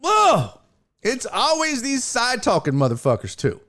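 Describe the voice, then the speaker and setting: A man hosting a live sports talk stream, ranting angrily and cursing, swinging between near-shouts and low mutters. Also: huge pitch swings, normal speed.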